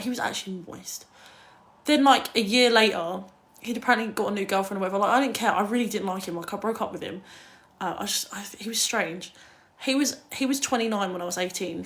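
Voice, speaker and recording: This Kent woman speaks at a medium pitch with a fairly bright tone. She's young and telling stories in a relaxed livestream chat from England, peppering everything with "like" and swear words.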